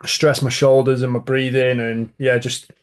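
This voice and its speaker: A man's voice: medium pitch, little pitch movement, moderate pace. Chatty male podcast host. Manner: chatty, rambling storyteller. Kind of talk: casual podcast chat.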